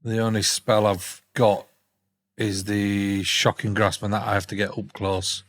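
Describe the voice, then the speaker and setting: A man, a player in a tabletop game, talking through plans casually and haltingly. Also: on the low side, flat delivery, a bit bright. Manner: casual, halting planning talk.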